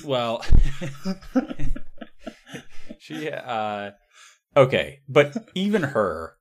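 A man's voice: medium pitch, big pitch swings, very slow, background noise. A man hosting a podcast in casual chat, opinionated and rambling, with laughing asides. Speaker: podcast host.

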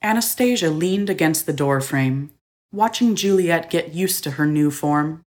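A woman narrating a story in a measured, expressive reading. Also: sits low.

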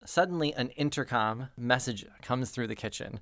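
A man's voice: mid-range voice, moderate pace, few pauses, a bit bright, no echo, studio quality. A man in a playful, rambling manner, narrating a tabletop game as game master.

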